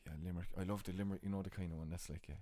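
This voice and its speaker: A man's voice: sits low, flat delivery, racing, warm tone, dry recording. A young man with a Cork Irish accent chatting as a podcast guest, rambling and joking in casual banter. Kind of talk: casual chat. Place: bedroom.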